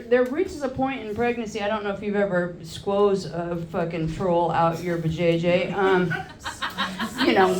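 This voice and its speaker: A woman's voice: medium pitch, darkish tone, reverberant, slight background noise. A woman in her forties doing a crude stand-up comedy set, telling loose stories and working the crowd from a club stage.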